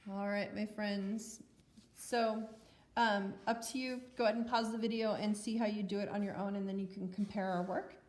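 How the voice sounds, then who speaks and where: A woman math teacher talks through a recorded lesson in a chatty, self-mocking way. Her voice sits at a middling pitch. It carries a roomy echo. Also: fairly even intonation, moderate pace. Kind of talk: recorded lecture.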